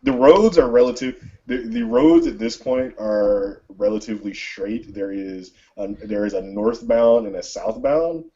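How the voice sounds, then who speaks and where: Man, game master, low gravelly voice, halting, many fillers, dull lo-fi sound. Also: sing-song, mellow. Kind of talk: narrating a tabletop role-playing game.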